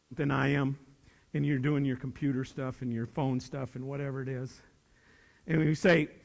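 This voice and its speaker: In a big hall whose long reverb rings around his words, a middle-aged man with a high voice delivers a motivational speech to students. He's a teacher with a folksy, animated style who puts on little voices while acting out dialogue.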